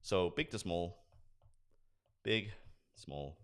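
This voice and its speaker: A man in his forties, a sales trainer, giving an energetic lesson and acting out sales dialogues. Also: low voice, very slow, clean tone. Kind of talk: instructional talk with acted role-play.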